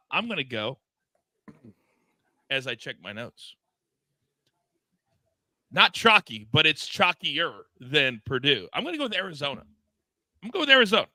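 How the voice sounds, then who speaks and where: Bright, animated male betting-show host. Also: on the high side, no room sound. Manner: lively, teasing banter with co-hosts and chat. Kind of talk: live sports betting show.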